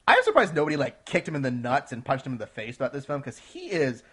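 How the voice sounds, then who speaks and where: A man co-hosting a casual film review chat, talking in an excitable, animated way and often laughing. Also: mid-range voice, fast talker, breathy edge. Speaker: podcast co-host reviewing films.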